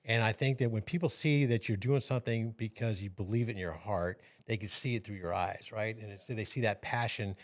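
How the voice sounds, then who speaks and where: A man's voice: lowish voice, brisk, hardly any pauses. A man co-hosting a podcast, speaking in an earnest, emphatic way in casual conversation. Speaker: podcast co-host. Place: podcast studio.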